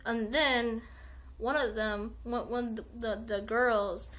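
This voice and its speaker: Young woman streamer, fairly high voice, loose rambling delivery with lots of "like" and restarts. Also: steady tone, takes it slowly, a bit bright. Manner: rambling, heavy use of "like", frequent restarts, swears. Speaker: livestream host. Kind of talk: casual rambling chat.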